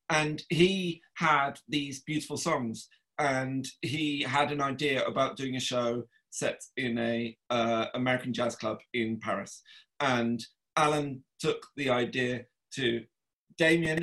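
Halting, rambling man guest. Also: mid-range voice, fairly even intonation, fairly bright tone. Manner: rambling, halting with many fillers. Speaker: guest writer. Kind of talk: interview answers.

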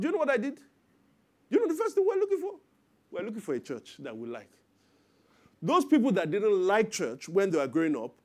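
A man in his thirties preaching a sermon as pastor, lively and acting out parents and children in quoted voices. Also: sits high.

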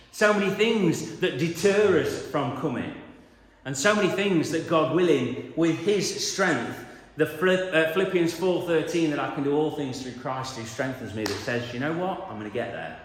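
A man's voice: a little high, expressive, normal speed. A man preaching a conversational sermon in a church hall, with joking asides to the congregation. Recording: echoey hall, reverberant.

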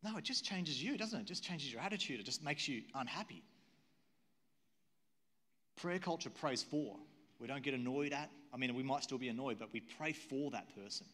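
A man's voice: mid-range voice, animated, normal speed, a bit bright. A man preaching a sermon as pastor in a church, earnest and repetitive, often asking the audience questions. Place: church auditorium. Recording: long hall reverb.

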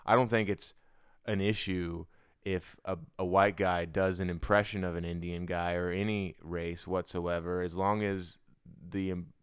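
A man's voice: low voice, level tone, a little slow, clear, resonant tone, no echo, clean studio sound. A young man hosting a podcast, talking casually in a rambling, loose way with lots of slang and fillers. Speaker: podcast host.

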